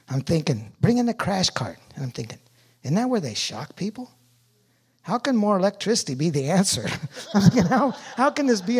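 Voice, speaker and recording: A middle-aged man giving a sermon testimony, telling his story with animated energy that rises loud at its peaks. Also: a little high, slightly rough. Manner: animated storytelling, rising loud when reliving pain.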